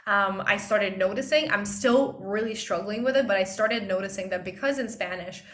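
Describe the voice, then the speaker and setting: Bright-voiced Russian woman, accent coach. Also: mid-range voice, moderate pace. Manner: thoughtful, many fillers and restarts. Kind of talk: casual interview conversation.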